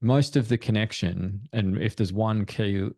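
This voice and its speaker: A man's voice: lowish voice, a little slow, mellow, no echo, clean studio sound. A man speaking as a parenting expert guest in a webinar discussion, explaining in an earnest way. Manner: earnest, explanatory, acts out quoted thoughts.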